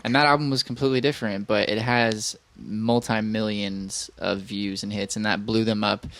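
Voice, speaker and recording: Guy rambling on a podcast, kinda low voice, dry close sound, lots of likes and ums. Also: fairly even intonation, normal speed, vocal fry, a bit bright, no echo. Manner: rambling, many fillers and restarts. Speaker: podcast co-host. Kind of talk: casual chat.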